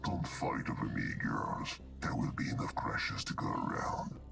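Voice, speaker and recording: A gravelly, taunting glitch creature. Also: male voice, rumbling low, expressive, a little slow, recorded from a distance, heavily acted. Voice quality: gravelly, croaking. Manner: taunting, sneering. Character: mocking glitch creature, unstable and gleeful. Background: game music.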